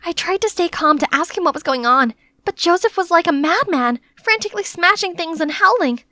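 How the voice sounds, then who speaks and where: A young woman tells an animated story in the first person with a lively, chatty delivery. Her voice is very high and bright, recorded close and dry with no room sound. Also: a little fast, no echo. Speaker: narrator.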